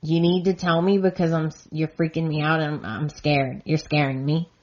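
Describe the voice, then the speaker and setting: A woman's voice: deep voice, level tone, normal speed, a little mellow, muffled recording, natural voice. Frightened young mother, as a woman quotes her. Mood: scared.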